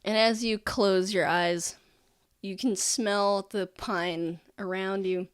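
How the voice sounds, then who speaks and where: Clear-voiced woman game master. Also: medium pitch, fairly even intonation, takes it slowly, no echo. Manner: loose, filler-heavy narration. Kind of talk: narrating a tabletop game.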